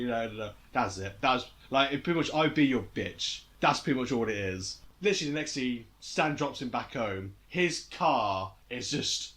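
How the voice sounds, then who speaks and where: A man's voice: mid-range voice, normal speed, hardly any pauses. A young man hosting a casual podcast, retelling scenes and acting out the lines with lots of laughter. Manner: animated retelling, acting out quotes, frequent laughter. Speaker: podcast host. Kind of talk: casual chat.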